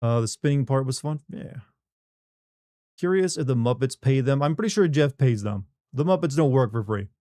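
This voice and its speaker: Wry, mellow-voiced streamer. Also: male voice, medium pitch, animated, normal speed, no echo, studio quality. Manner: wry, rambling, reads chat aloud. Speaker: livestream host. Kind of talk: casual post-stream chat.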